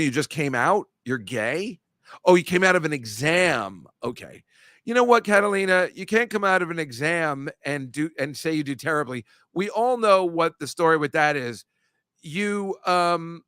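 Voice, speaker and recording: A man with a slightly high voice hosts a podcast in loose, casual chat, wandering through long stories and ribbing his listeners. His delivery jumps in bursts of sudden loudness. The recording is dry and close, with no room sound. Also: dry recording. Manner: rambling, teasing storyteller. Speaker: podcast host.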